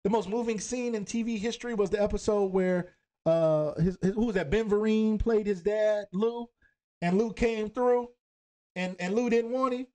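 High-pitched guy hosting a live game night stream, chatty and animated, reading questions and shouting out people in the chat. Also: moderate pace. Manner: animated, chatty, giving shout-outs to viewers.

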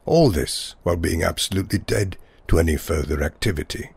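A man's voice: low-pitched, fairly quick, vocal fry, breathy edge, no echo. A man narrating a whimsical first-person story in a wry, wordy style.

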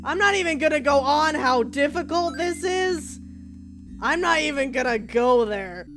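Female gamer, high and unhurried, jokey commentary that jumps to shrieks. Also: lively intonation, music in the background. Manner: jumpy, shrieks at scares, jokey banter. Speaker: video game player. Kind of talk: horror game play-through commentary.

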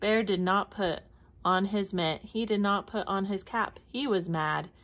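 A woman reading a children's picture book aloud in a clear, measured storytelling voice. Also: mid-range voice, fairly bright tone. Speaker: storybook reader.

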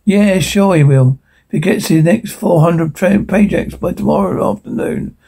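Man doing a sarcastic teen brother, gravelly, dark. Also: sits high, moderate pace, heavily acted. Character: sarcastic older teenage brother.

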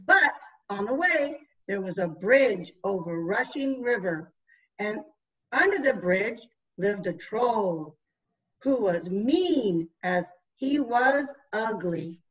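A woman narrating a children's storybook, reading slowly and expressively. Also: mid-range voice, animated, far from the mic, dull audio. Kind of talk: storybook read-aloud.

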